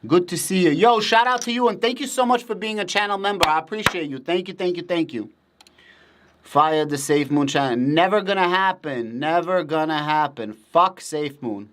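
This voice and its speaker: A man's voice: fairly high pitch, normal speed, noisy background. A man for whom Russian is a first language, hosting a casual livestream, answering viewer comments in a blunt, profane and emphatic way. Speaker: livestream host.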